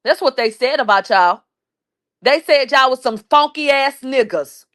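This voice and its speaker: A woman with a high voice does reaction commentary on her channel. She reads an article aloud and breaks in with loud, sarcastic, profane remarks. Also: animated, unhurried. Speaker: commentary YouTuber.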